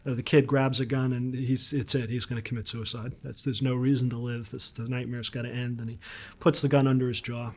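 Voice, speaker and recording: A man from the production discussing scenes in a thoughtful, halting way. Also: medium pitch, flat delivery. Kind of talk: reflective commentary.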